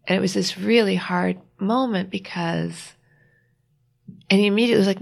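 A married woman, a guest author, telling a personal story in a reflective, halting way, often restarting and quoting what others said. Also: mid-range voice, gravelly. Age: adult, married with a child.

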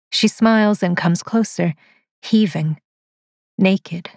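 Woman narrator, low and unhurried, dry studio read, measured delivery. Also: no echo. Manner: measured and deliberate. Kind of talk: scripted story narration.

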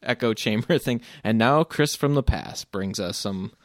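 A man's voice: medium pitch, normal speed, no room sound. A man co-hosting a podcast, trading dry, wry one-liners and laughing often. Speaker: podcast co-host. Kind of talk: casual chat.

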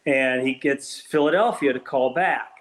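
An older man, a former team executive, telling anecdotes as an interview guest, animated and full of restarts. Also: mid-range voice, unhurried, rough recording. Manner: animated storyteller with many restarts.

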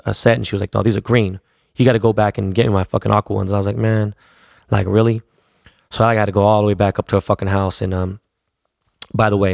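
A man in his forties, a podcast host, spins long, rambling stories packed with slang and swearing. His voice sits on the low side with a creaky texture, recorded with studio quality and no echo.

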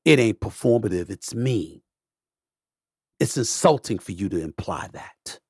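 A middle-aged man hosting a podcast, delivering an impassioned, emphatic monologue that swings between loud and quiet and repeats his points with the odd curse. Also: fairly low pitch, animated, unhurried, husky, no echo, studio quality. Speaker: podcast host.

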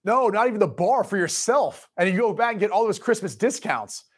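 A man in his thirties co-hosts a sports talk show, his high voice lively, a little fast and edged with breathiness. In casual chat he tells a rambling story, laughing mid-sentence.

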